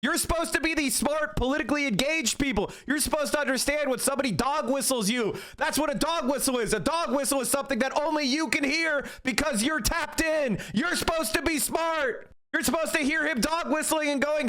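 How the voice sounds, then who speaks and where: A very high-pitched man ranting on a live stream. He talks heatedly and swears constantly, scolding his viewers. He keeps the commentary loud and combative. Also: a little fast, few pauses. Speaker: political streamer.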